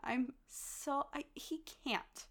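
A woman's voice: high-pitched, slow, a bit bright. A woman co-hosting a casual podcast recap, emphatic and repeating lines for comic effect. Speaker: podcast co-host.

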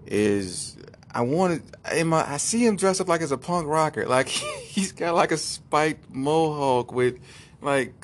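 Podcast co-host, a man spinning an animated, rambling comic tale. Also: medium pitch. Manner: animated, rambling, laughs often. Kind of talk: comedic storytelling.

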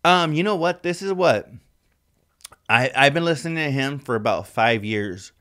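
A man's voice: mid-range voice, lively intonation, normal speed, sharp tone. Rambling, profane casual man. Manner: rambling, profane, heavy use of "like". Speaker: podcast co-host. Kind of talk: casual chat.

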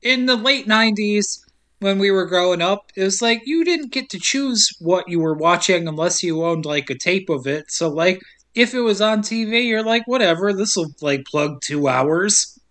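A man's voice: sits high, expressive, moderate pace, fairly bright tone. A young man hosting a podcast, chatting casually and jokingly, laughing a lot and slipping into mocking voices. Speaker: podcast host. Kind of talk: casual chat.

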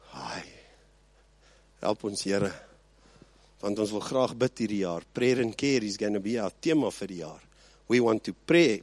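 A male pastor preaching a sermon, swinging between loud emphasis and quiet asides and often checking in with his listeners. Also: on the low side, no room sound. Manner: rhetorical check-ins with the congregation.

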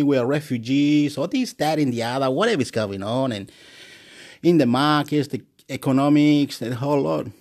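A man from Chile with a somewhat high voice, rambling through a loose monologue. He lurches from loud, excited boasting down to quiet muttering, looping the same words again and again and laughing to himself.

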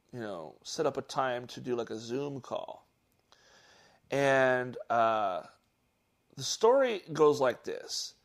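A man casually telling a childhood story on a podcast, halting and restarting often. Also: mid-range voice, vocal fry. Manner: halting, with many restarts and fillers; gets animated at the story's peak. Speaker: podcast host.

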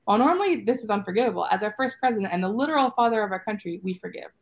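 A woman's voice: medium pitch, expressive, very fast. A woman hosting a book podcast, reading short summaries aloud in a playful, amused way. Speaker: podcast host. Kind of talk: casual book-club chat.

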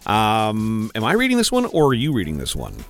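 Male co-host, animated pitch, dry close mic, upbeat chat. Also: fairly quick, no echo, soft background music. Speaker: podcast co-host. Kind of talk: casual chat.

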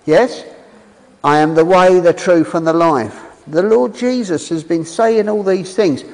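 A man's voice: sits high, in a large hall, low-quality recording. A man preaching a sermon with enthusiasm, asking the congregation questions and reading scripture aloud. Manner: animated, enthusiastic, reads scripture aloud with pauses.

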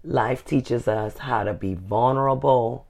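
A woman's voice: very deep voice, gravelly, darkish tone. A middle-aged woman co-hosting a casual advice show, folksy and calling people "honey". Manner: folksy, says "honey" often, slow and drawn out. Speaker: co-host.

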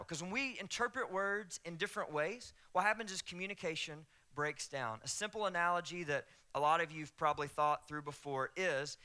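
Southern male pastor, smooth and clear, chatty sermon delivery with light jokes. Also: high voice, bright, forceful tone. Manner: conversational, joking with the congregation. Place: church sanctuary.

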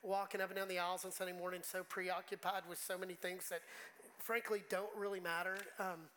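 A man's voice: sits high, level tone, moderate pace, bright, forceful tone, rough recording. A man preaching a sermon as pastor, talking conversationally and emotionally, often restarting his words.

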